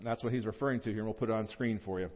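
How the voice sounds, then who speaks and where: A man preaching a sermon, teaching through a scripture passage in an earnest tone with fillers and restarts, jumping up in pitch and volume when he voices the words he quotes. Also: steady tone, very fast, highs cut off. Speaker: pastor. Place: church.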